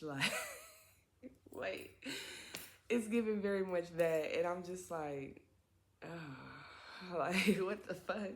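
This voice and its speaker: A woman's voice: low voice, darkish tone. A woman in her twenties tells a story in a casual vlog. She talks in a chatty, slangy way with plenty of profanity and side remarks. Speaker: vlogger.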